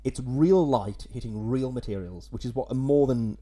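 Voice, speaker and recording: A man's voice: mid-range voice, moderate pace, warm tone. A young man co-hosting a podcast, talking in a dry, wordy and self-mocking way. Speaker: podcast co-host. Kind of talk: casual podcast chat.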